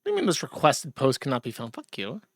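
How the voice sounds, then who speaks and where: A man's voice: mid-range voice, wildly swooping pitch, fast, vocal fry, breathy edge, no room sound, clean studio sound. A male host giving casual, sardonic commentary on clips, laughing often and peppering his talk with "like". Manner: laughing, filler-heavy, sardonic.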